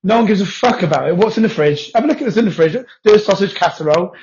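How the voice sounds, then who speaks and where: A man co-hosting a podcast, chatting casually in a quick, rambling way and swearing freely. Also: high voice, a little mellow, slight background noise. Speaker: podcast co-host. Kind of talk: casual chat. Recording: dull lo-fi audio.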